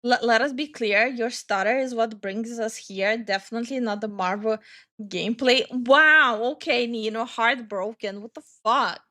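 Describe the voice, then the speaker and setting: A woman's voice: fairly high pitch, moderate pace. Stuttering, swearing streamer woman. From New Jersey, USA. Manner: stutters, swears often, reacts out loud. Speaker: streamer reading chat. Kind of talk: casual live-stream chat.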